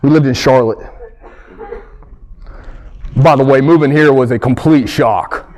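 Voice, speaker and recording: A young man doing stand-up comedy, animated and quick to jump into loud, high shouted bits. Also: rough recording.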